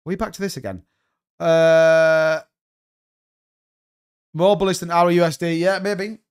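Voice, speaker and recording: A man's voice: a little high, steady tone, slow, clean tone. A young man hosting a crypto stream, chatting casually and rambling with frequent restarts. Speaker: crypto channel host. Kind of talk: casual livestream chat.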